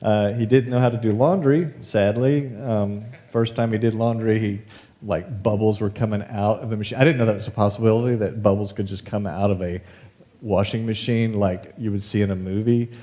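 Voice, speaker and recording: A man's voice: fairly low pitch, steady tone, a little fast, warm tone. A middle-aged man preaching a casual sermon, conversational and self-deprecating, telling stories with animation. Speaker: pastor.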